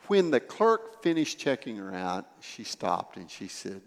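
A man's voice: medium pitch, very animated, normal speed, few pauses, long reverb tail. A man preaching a sermon, telling a story with acted dialogue and building to emphatic swells.

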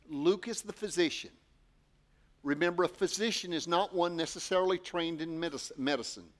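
A man with a slightly high voice preaches a sermon at a moderate pace. He is expressive, acting out quotes and posing rhetorical questions to the congregation.

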